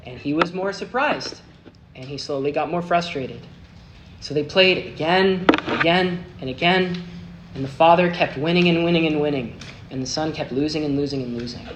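A man preaching a sermon, telling a story with big swings between hushed and emphatic delivery. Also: on the high side, normal speed. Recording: noisy recording with clicks.

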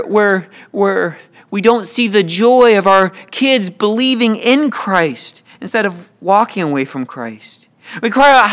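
A man's voice: very high-pitched, fairly bright tone, clear, resonant tone. A man preaching a sermon with passion, often repeating words as he builds a point.

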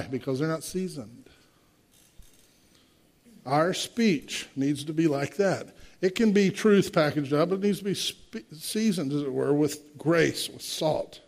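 A man's voice: fairly high pitch, darkish tone. Emphatic preacher man in his sixties. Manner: emphatic, rhetorical questions, direct asides to the congregation. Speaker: pastor. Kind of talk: sermon.

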